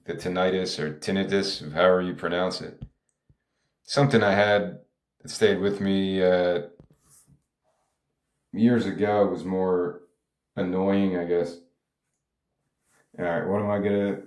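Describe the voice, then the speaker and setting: A man's voice: sits low, fairly even intonation, moderate pace, pauses often, darkish tone, reverberant. A songwriter talking casually about his music, rambling and stopping himself, with many fillers along the way. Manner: rambling, self-interrupting, frequent filler words. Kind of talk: casual monologue.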